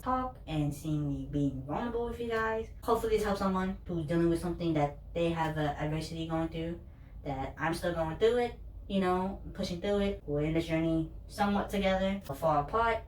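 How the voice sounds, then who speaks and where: Candid young woman, lower voice, roomy. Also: fairly quick. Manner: candid, rambling, laughs at herself. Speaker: vlogger, student. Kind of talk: personal vlog storytelling. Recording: roomy, distant, faint hum.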